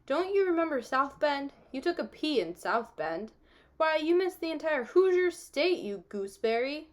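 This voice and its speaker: A woman's voice: high-pitched, very animated, normal speed, voice pushed up. Jokey old grandpa with a hearty country drawl, a lady doing the voice. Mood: teasing. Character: folksy teasing old grandfather.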